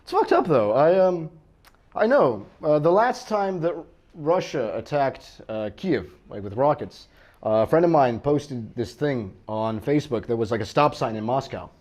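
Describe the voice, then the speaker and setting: A man's voice: mid-range voice, sing-song, moderate pace, darkish tone. An American man performing a rambling, self-deprecating stand-up comedy set on a club stage, with chatty asides to the crowd.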